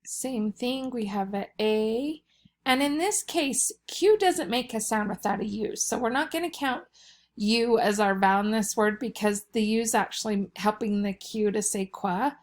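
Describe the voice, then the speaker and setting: A woman teacher giving a recorded vocabulary lesson for children, explaining slowly and patiently. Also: on the high side.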